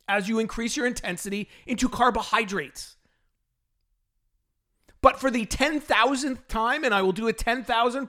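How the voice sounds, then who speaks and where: A middle-aged man hosting a solo fitness podcast, talking in an animated, exasperated rant with frequent laughs. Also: high-pitched. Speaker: podcast host and fitness trainer.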